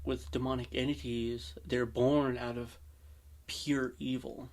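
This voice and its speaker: A man speaks slowly and evenly, his pitch barely moving as he comments on a video. His tone is earnest, with a slight shake in the voice. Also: little pitch movement, noisy background. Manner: slow, earnest, shaky-voiced. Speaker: reaction host. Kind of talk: casual commentary.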